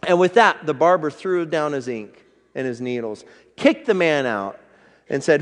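Brief: earnest male preacher, slightly high voice, long church reverb. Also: animated. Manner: earnest, conversational, slows down for emphasis. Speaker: pastor. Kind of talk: sermon.

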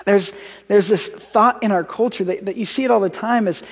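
A man's voice: sits high, moderate pace, breathy edge. An American man in his thirties, preaching a sermon and telling stories, often repeating words as he restarts his sentences. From United States. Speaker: pastor. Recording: long hall reverb.

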